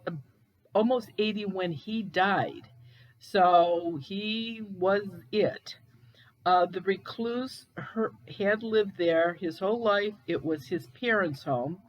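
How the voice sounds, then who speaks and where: A woman from Cleveland, Ohio, telling ghost stories in a casual, halting way, with pauses and restarts. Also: fairly low pitch, lo-fi sound. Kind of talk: casual storytelling.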